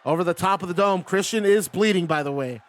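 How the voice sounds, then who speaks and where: High-voiced casual stream commentator. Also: male voice, quick pace. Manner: casual, chatty play-by-play. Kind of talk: live-stream game commentary.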